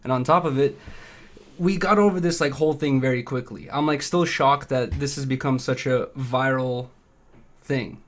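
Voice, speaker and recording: A man on a livestream giving a nervous, halting apology, rambling and full of fillers. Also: medium pitch. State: nervous, shaky. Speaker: streamer.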